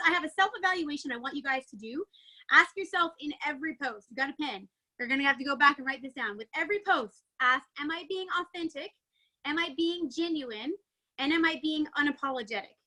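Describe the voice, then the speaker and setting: A woman coaching her sales team in a chatty, excitable motivational talk, a little out of breath, peppering it with "like" and "right?". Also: high-pitched. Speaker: network marketing team coach. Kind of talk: energetic motivational training talk.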